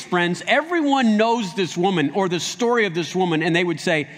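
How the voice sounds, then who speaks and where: A pastor preaching with a fairly high, bright voice that carries through a big hall with a long echo. He tells the story with animation, slipping into the voices of the people in it. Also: lively intonation, fairly quick, few pauses. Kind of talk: sermon.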